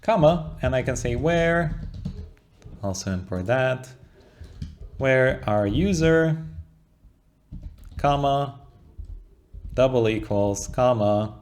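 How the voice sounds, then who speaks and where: A man's voice: medium pitch, expressive, takes it slowly, pauses often, a little mellow. A young man explaining code in a casual walkthrough, thinking aloud and often checking in with "right?". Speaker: coding tutorial instructor. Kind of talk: casual screen-share coding walkthrough.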